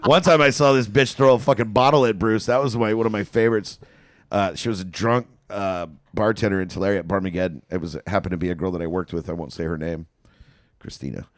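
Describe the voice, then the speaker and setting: A man's voice: lowish voice, steady tone, fast talker, no room sound, studio quality. A man telling profane stand-up stories in casual podcast chat, laughing and acting out the people in them. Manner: profane, laughing storyteller who acts out quotes.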